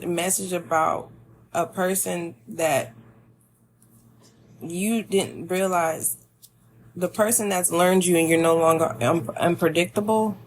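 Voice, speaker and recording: A woman's voice: lowish voice, a little hiss or hum. A woman giving a spiritual tarot reading, talking to the listener in a meandering, musing way. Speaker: tarot reader.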